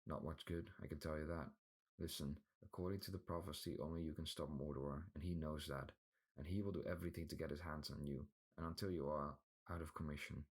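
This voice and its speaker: A calm, steady leader who lays out plans in a very deep voice, as a man reads him out. Storybook hero's guide. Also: brisk, breathy edge.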